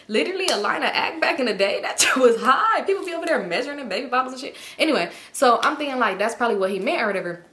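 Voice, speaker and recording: A woman's voice: sits high, racing, few pauses, echoey room. A woman vlogger telling a storytime in casual, slangy talk with lots of laughing. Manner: animated, slangy, laughs often.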